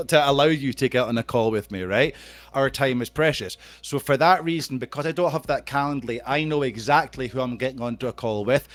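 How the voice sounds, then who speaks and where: A middle-aged man with a Scottish accent hosting a live stream on a video call. He banters casually and reads out viewer comments, swearing freely. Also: mid-range voice.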